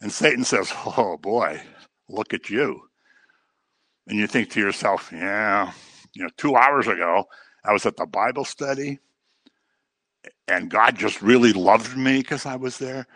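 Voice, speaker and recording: A middle-aged man leads an informal Bible study in a casual way, repeating phrases for emphasis and imitating others in a low, mocking tone. His voice is pushed and bright at normal speed, with no echo.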